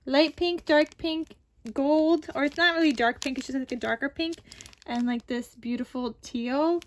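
A woman's voice: high voice, moderate pace, a little hiss or hum. A woman hosting a crafting vlog, gushing and exclaiming often as she unboxes supplies. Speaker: crafting channel host.

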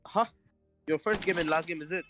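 A man with a sick, rough voice talking to his squad over game voice chat in short questions and quick replies. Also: fairly high pitch, fairly bright tone, faint music behind. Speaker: teammate on voice chat. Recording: noisy voice-chat audio.

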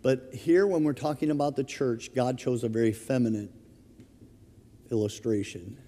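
A middle-aged man preaching a sermon from the pulpit, his voice mellow and dark in tone. He tells stories animatedly and chuckles as he goes, with a long hall reverb trailing every phrase. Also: mid-range voice, moderate pace. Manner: storytelling, animated, chuckles through anecdotes. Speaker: pastor. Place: church sanctuary.

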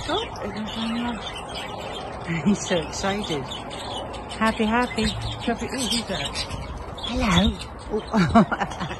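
A woman in an outdoor aviary talks through her day and coos fondly at her budgies. Her voice stays at an ordinary middle pitch for a woman. A thick layer of loud chirping and chattering birds fills the recording behind her. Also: moderate pace, heavy background noise. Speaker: budgie breeder. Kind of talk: casual vlog narration.

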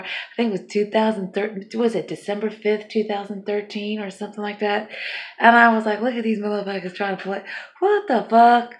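A middle-aged woman who's been awake all night rambles through a casual home vlog in a mid-range voice. She sounds tired, swears plenty, and laughs often.

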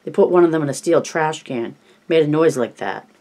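A reader voicing a quiet, sensible eleven-year-old boy in an audiobook, speaking in a calm, measured way. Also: mid-range voice.

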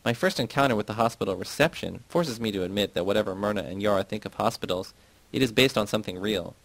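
A man reading a novel aloud in the first person, with plain, even narration. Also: lowish voice, creaky, no room sound, poor audio. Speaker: audiobook reader.

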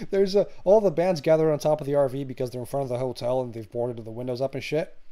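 A man in casual podcast chat retells a goofy film scene by scene. His voice is mellow and dark, and his telling is loose and rambling. He swears freely and laughs along with his own story. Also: medium pitch, quick pace. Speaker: podcast co-host.

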